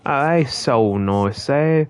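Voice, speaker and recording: A man's voice: mid-range voice, animated, very slow, clean tone, faint music behind. A man streaming a game, chatting casually to viewers in a rambling, jokey way. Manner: rambling and jokey, talking to chat. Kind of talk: casual gaming commentary.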